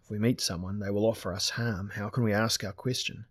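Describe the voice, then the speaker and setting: A man's voice: lowish voice, steady tone, a little fast, no room sound, close to an everyday voice. A man voicing a wary, gloomy young male archer who speaks earnestly.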